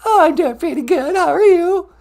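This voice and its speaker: A man putting on an excited young woman who talks in a very high, squealing, breathless voice. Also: moderate pace, vocal fry, full character voice. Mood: gushing.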